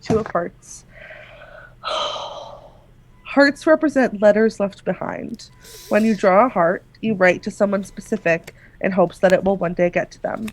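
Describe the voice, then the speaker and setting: A woman running and playing in a tabletop game, explaining things in a relaxed way. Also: mid-range voice, unhurried, pauses often. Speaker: game master.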